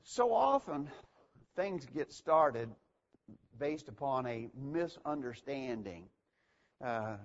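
A man's voice: medium pitch, expressive, slow, pauses often. A man teaching an evening Bible lesson to a church, earnest and repeating key phrases for emphasis. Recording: dull lo-fi recording.

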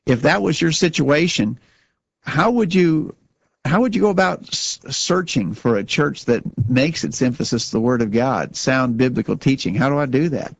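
A man's voice: medium pitch, lively intonation, moderate pace, gravelly, poor audio. A man co-hosting a religious talk show, speaking earnestly and often repeating words as he starts a sentence. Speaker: radio show co-host.

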